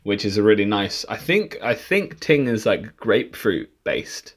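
A man's voice: lowish voice, sing-song, husky. A young man co-hosting a podcast in casual chat, joking and laughing often. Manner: jokey, laughs often, quick asides. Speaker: podcast co-host.

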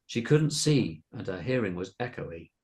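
A man reading a comic spooky short story aloud in a hushed, suspenseful narrating tone. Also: low voice, expressive, normal speed. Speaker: podcast host reading his story.

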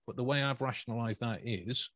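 A man's voice: medium pitch, brisk, fairly bright tone, no echo. A man with a Stoke-on-Trent English accent, talking casually on a podcast, with lots of restarts and self-corrections. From England, Stoke-on-Trent area. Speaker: podcast host.

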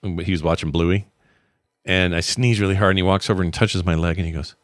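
A man in his fifties, co-hosting a podcast, chatting casually and telling stories with jokes and lively asides. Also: low-pitched, fairly quick, no room sound, studio quality. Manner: jokey, animated storyteller. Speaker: podcast co-host. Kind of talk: casual chat.

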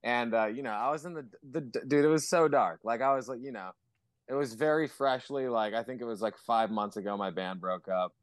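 A man's voice: mid-range voice, fairly quick, dry recording. A man talking in casual podcast chat as a guest musician, rambling with lots of swearing and fillers.

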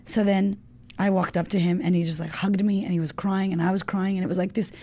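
A young woman from the United States talks frankly as a guest, with a gravelly edge in her voice. Her tone is dark and mellow. She swears freely and keeps saying "like" in a loose, candid storytelling chat. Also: medium pitch, little pitch movement, quick pace. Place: home in Australia.

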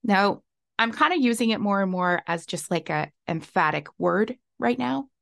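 Candid woman podcaster with a gravelly edge. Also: mid-range voice, animated, moderate pace, no room sound, clean studio sound. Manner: candid, self-reflective, laughs often. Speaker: podcast host. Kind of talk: casual solo podcast talk.

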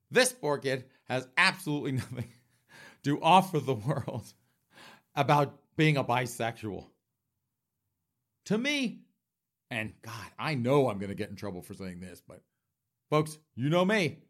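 A man with a mid-range, slightly bright voice hosts as a comedic commentator, launching into a campy, flamboyant, mock-indignant rant. He addresses his audience directly and keeps throwing in laughing asides.

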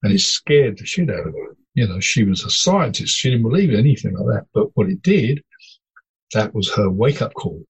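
Deep, very husky storytelling man. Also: normal speed, low-quality recording. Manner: animated storyteller, digressive. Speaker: podcast guest. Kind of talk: storytelling in casual conversation.

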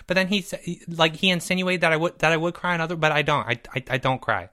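A woman's voice: deep voice, fast, pushed and bright. A woman voicing a goofy, boastful young male podcaster who rambles and stammers and insists he never cries. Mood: defensive. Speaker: podcast co-host. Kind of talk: comedic podcast banter.

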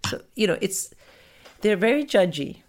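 A woman in her forties from India, a podcast guest chatting casually, animated and swearing freely as she acts out family quotes. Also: mid-range voice, normal speed. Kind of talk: casual chat.

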